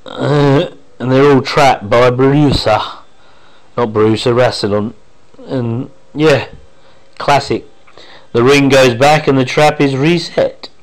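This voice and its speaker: A man chats over an episode he loves, in a voice of ordinary middle pitch. He rambles happily, drops half-finished thoughts and doubles back. It sounds like a relaxed fan commentary recorded on a home microphone. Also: takes it slowly, rough recording. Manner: rambling and enthusiastic, with trailing half-sentences. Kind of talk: casual watch-along commentary.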